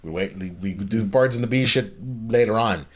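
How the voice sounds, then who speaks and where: A man's voice: on the low side, moderate pace. A man hosting a film review podcast, rambling and joking in casual chat with plenty of fillers.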